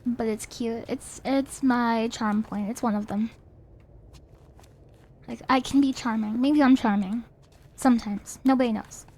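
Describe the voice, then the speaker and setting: A woman's voice: fairly high pitch, steady tone, unhurried, pauses often, a little mellow. A woman streamer in casual chat, playful and rambling, teasing herself as she talks.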